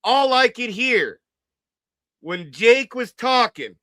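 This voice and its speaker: A man hosting an apologetics talk show, excited and chatty, repeating his words and teasing. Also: extremely high pitch, slow pace, no room sound, clean studio sound. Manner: hyped, repeats words, sings along and teases. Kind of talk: excited casual commentary.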